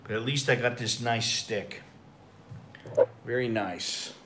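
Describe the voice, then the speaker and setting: A man's voice: medium pitch, slow pace, noisy background. An American man telling rambling, profane stories in a casual livestream chat. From United States. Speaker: expat vlogger.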